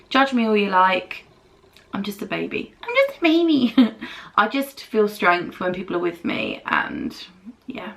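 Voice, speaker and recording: Young British woman, chatty makeup vlog storyteller, slightly gravelly mid-range voice, rambling and animated. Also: mid-range voice. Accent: British English. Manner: rambling, animated, acts out other people's lines. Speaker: beauty vlogger. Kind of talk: chatty get-ready-with-me storytelling.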